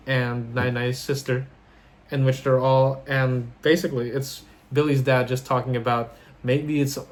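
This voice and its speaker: A man casually recapping a film scene by scene, rambling with lots of fillers and restarts. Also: medium pitch. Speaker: film podcast host.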